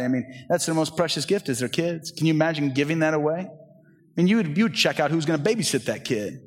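A middle-aged male pastor preaching with earnest conviction. His voice sits somewhat high for a man, and he moves between urgent, lifted phrases and hushed, slow appeals. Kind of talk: sermon.

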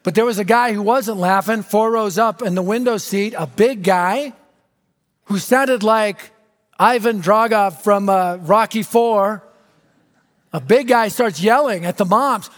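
A middle-aged American man preaching a storytelling sermon, animated and dramatic, dropping to a hush for emphasis. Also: high voice, a little slow. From United States. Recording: reverberant hall.

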